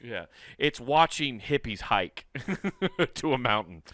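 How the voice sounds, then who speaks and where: A man's voice: medium pitch, expressive, slow pace, fairly bright tone, no echo. A man co-hosting a comedy podcast, rambling through casual banter and laughing often at his own jokes. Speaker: podcast co-host.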